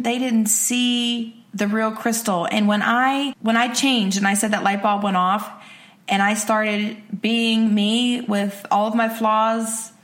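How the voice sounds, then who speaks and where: A woman in her forties hosting a podcast, giving an energetic, candid motivational talk and repeating phrases for emphasis. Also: a little high. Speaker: podcast host.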